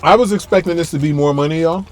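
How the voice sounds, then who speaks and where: Male food vlogger, slightly high voice, casual and chatty, eating on camera in a car's back seat. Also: quick pace, darkish tone. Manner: chatty, talks to viewers while chewing, lots of hums of approval. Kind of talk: casual food-tasting vlog. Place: back seat of a parked car. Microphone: camera-mounted mic, a little far off.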